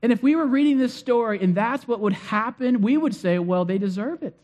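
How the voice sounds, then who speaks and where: A man's voice: very high voice, animated, fairly quick, darkish tone. A man preaching a sermon and retelling a story in a conversational way, acting out the figures' lines. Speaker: pastor.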